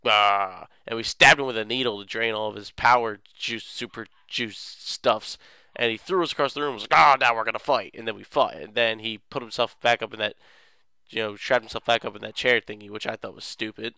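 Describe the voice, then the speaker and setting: Young male let's play host, goofy and rambling. Crisp, dry voice. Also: lowish voice, flat delivery, a little fast, sharp tone, no room sound. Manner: rambling, goofy, lots of filler words. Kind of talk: casual game recap.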